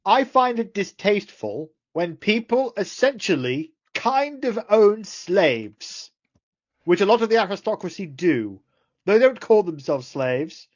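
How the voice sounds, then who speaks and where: A woman voicing a blunt, principled female film star who lectures in a low, firm voice, on dull lo-fi audio. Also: a little mellow.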